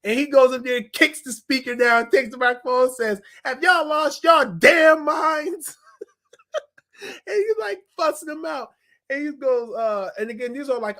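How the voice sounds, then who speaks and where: A young man in a casual review vlog, animated and slangy, laughing as he retells scenes. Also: high voice. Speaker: TV episode reviewer.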